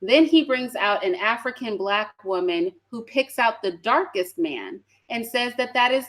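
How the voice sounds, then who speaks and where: A woman's voice: a little high, expressive, unhurried, fairly bright tone. A woman giving casual reaction commentary on a video, blunt and sassy, swearing and laughing as she talks.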